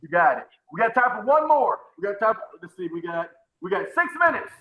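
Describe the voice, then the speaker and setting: A man's voice: high-pitched, very animated, brisk, phone-quality sound. A man coaching a live webinar on sales presentations, who talks with energy, repeats his phrases and calls on attendees by name.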